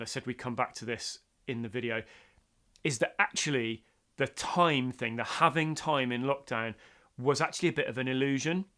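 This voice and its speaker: A man's voice: medium pitch, a bit bright. Middle-aged uk guy chatting about songwriting, easygoing, jokey little asides. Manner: chatty, self-deprecating asides. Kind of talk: casual instructional talk.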